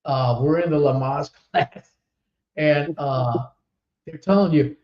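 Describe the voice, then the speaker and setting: A man hosting a casual podcast chat, telling stories in an animated way and laughing often. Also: on the high side, slow pace. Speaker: podcast host. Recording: roomy, dull online stream audio.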